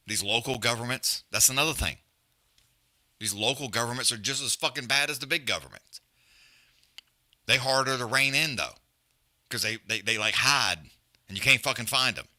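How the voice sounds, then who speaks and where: Blunt profane man with a bright voice. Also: mid-range voice, normal speed, pauses often. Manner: profane, blunt, rambling, repeats himself. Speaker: fight companion stream host. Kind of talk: profane casual rant and live fight commentary.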